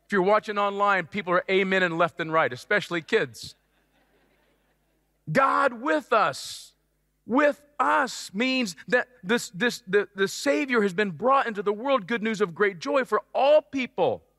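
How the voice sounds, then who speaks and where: A high, bright male voice delivers a sermon in an animated, playful way, with sudden loud stresses on key words. The sound is close and dry, but a long reverb trails behind it. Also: measured pace. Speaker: pastor.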